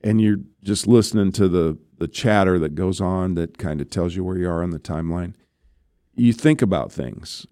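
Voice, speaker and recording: A man's voice: low voice, warm tone, no echo, studio quality. A man, a former astronaut, telling stories in an interview in a conversational way, often checking in with the listener. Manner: conversational, keeps checking in with "right?". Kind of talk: interview storytelling.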